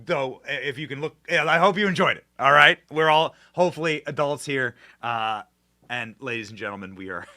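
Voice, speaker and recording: Male political show host, bright and tense, lively pitch, emphatic swings from shouting to hushed. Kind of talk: fired-up political commentary.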